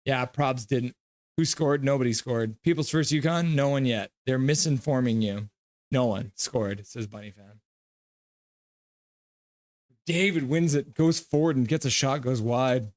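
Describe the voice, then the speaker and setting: A man's voice: measured pace, no room sound. A man hosting a live reaction stream of a hockey game, calling the plays and reading out chat messages. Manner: calls the play in a low steady voice, then erupts into shouting; reads chat messages aloud.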